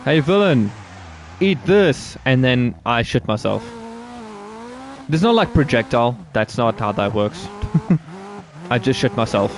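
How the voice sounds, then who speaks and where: A man's voice: mid-range voice, sing-song, measured pace, pauses often, slight background noise. A man giving rambling, crude, joking commentary while he plays a racing game. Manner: rambling, jokey, crude humor. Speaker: gaming streamer. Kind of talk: casual gameplay commentary.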